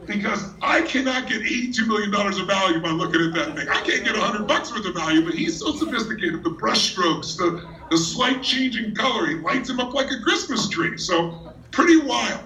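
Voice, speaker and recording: A man holds a live crowd in a large hall, telling stories with energy, emphasis, and playful teasing as a motivational speaker would. He talks a little fast, his tone bright, forceful, and set fairly high, and the far-off recording echoes through the room.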